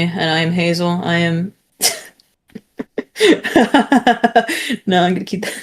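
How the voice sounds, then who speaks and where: A woman's voice: fairly low pitch, expressive, extremely slow. A young woman co-hosting a casual livestream, playful and teasing, swearing casually. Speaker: co-host guest on a stream.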